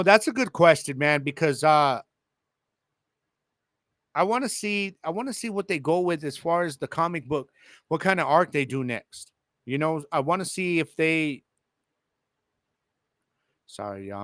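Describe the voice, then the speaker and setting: A man hosting a casual solo podcast with a Chicano English accent, talking to his listeners in a lively, slangy way. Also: on the high side, no echo, clean studio sound. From El Paso, Texas. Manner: animated, slangy, addresses listeners directly. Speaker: podcast host.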